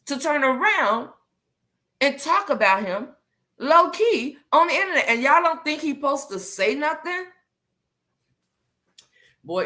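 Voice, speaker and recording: A woman in casual chat, talking sassy and emphatic. She hammers her points home by repeating them and swinging her pitch high and low. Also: bright, forceful tone. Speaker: commentary livestream host. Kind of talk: casual chat, drama commentary.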